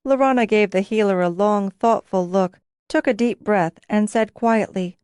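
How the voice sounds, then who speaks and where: A woman narrating a fantasy audiobook in a measured storytelling voice. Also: medium pitch, a little mellow, clear, resonant tone, dry recording, clean studio sound.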